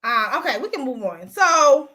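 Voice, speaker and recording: A woman's voice: high voice, very animated, moderate pace, bright, forceful tone. A young woman hosting a gossip recap show, ranting bluntly and profanely in casual commentary.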